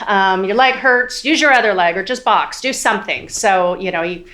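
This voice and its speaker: A woman's voice: medium pitch, moderate pace, hardly any pauses, pushed and bright. A woman in her forties giving courtroom testimony as a witness, hesitant and full of ums, near tears at times. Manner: hesitant, many ums, quotes others. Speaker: trial witness.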